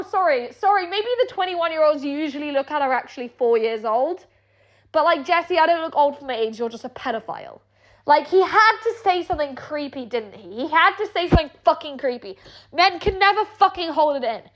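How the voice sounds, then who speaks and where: A young woman with a British accent rants in a heated, sarcastic way and swears constantly. Her voice sits high. The recording sounds dull and lo-fi. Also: a bit bright. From Britain. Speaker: online personality. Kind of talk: angry streamed rant.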